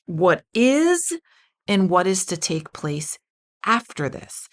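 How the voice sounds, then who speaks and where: Fairly low in pitch, her voice is sing-song and slow. She's a pastor in a podcast conversation working through a Bible passage, reading scripture aloud and posing guiding questions.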